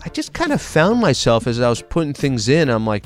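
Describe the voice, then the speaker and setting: Middle-pitched guy cohosting, easygoing storytelling, faint music behind. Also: very animated, a little fast, hardly any pauses. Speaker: radio show co-host. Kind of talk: casual chat.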